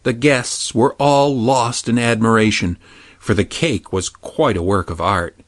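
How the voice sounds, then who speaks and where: A man narrating a fairy tale in a measured, even storytelling manner. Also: medium pitch, dry recording, studio quality. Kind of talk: storybook reading.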